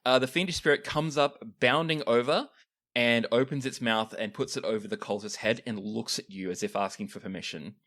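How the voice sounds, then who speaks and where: A man narrating a tabletop game as game master, with lively storytelling and frequent restarts. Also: mid-range voice, a little fast.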